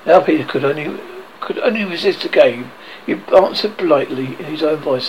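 A man narrating an audiobook in an expressive way, now and then stumbling and rereading words. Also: on the high side, a little fast, slight background noise, low-quality recording. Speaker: reader.

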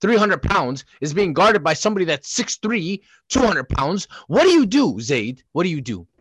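A man's voice: sits high, big pitch swings, moderate pace, fairly bright tone, slightly rough, no echo. A young man co-hosting a podcast, ranting heatedly and profanely in a sports debate. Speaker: podcast co-host.

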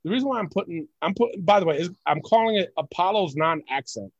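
He talks quickly in a high-pitched voice, captured in a dry, dull-sounding recording. A Puerto Rican co-host of a wrestling podcast, he rants bluntly and animatedly, cursing freely as he chats.

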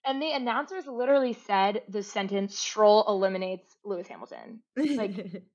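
A woman's voice: medium pitch, moderate pace. Young woman, slightly muffled audio. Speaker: podcast co-host. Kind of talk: casual chat. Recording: dull lo-fi sound.

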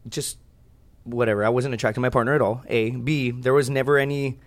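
A man guesting on a podcast, telling crude stories fast and profanely, acting out quotes from other people. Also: medium pitch, steady tone. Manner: rapid, profane storytelling with acted-out quotes. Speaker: guest, reality show contestant. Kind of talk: casual podcast chat.

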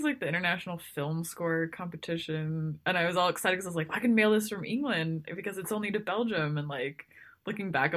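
A woman's voice: low-pitched, a bit bright. Candid laughing woman podcast guest. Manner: candid and laughing, quick bursts of talk. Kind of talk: casual podcast chat.

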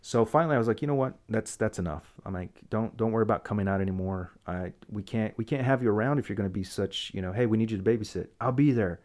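A man's voice: lowish voice, fast talker, hardly any pauses. A young man in casual chat, animatedly recounting a family conflict and acting out the voices in it. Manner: animated storyteller, acts out quoted dialogue. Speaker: guest telling a personal story.

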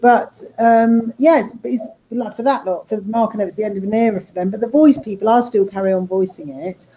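A woman's voice: mid-range voice, brisk, dark tone, poor audio. A woman talking casually about her work in animation and voice acting, rambling with restarts. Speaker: animator and voice actor. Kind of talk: casual interview talk.

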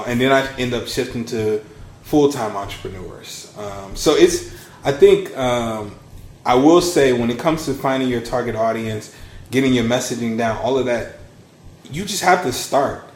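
A man in his thirties, a podcast guest telling his story in a casual, animated way. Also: moderate pace, reverberant. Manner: animated storyteller, acts out quotes with big pitch swings. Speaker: podcast guest, launch strategist.

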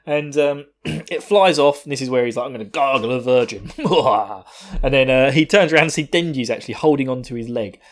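A man's voice: mid-range voice, brisk. A man co-hosting a podcast, recapping an anime episode in a casual, profane way and laughing often. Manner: laughing, profane, animated retelling. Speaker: podcast co-host.

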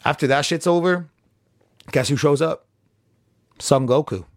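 A man's voice: a little high, a little slow, no room sound, studio quality. A young man co-hosting a podcast, chatting casually and profanely about a movie and acting out character lines. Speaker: podcast co-host. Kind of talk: casual movie review chat.

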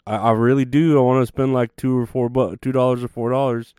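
A laid-back man rambles through casual stream chat, trailing off into fillers and tossing in swear words. His voice is smooth and clear, with a dry, close sound. He sits at a middling pitch for a man. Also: level tone, a little fast, a little mellow, no echo. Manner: meandering, full of fillers and swearing. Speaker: livestreamer.

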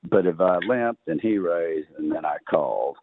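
This low-voiced man with a Texan accent speaks at a normal speed and sounds animated, with a little hiss or hum in the background. As a podcast guest, he rambles through a long poker story packed with uhs and ums. The recording is dry and tinny, like a phone line.

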